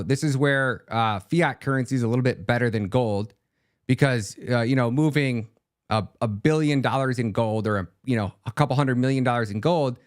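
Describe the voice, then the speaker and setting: A man hosting a podcast in a loose, chatty monologue, full of fillers, who acts out quoted back-and-forth dialogue. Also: medium pitch. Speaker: podcast host. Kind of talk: casual monologue.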